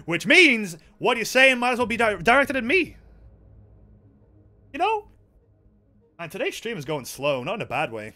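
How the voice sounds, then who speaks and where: Male streamer, tired, rambling and jokey, high bright voice, animated delivery. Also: normal speed, pauses often, faint music behind. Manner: joking, rambling, talks to chat. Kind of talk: casual live-stream chatter while gaming.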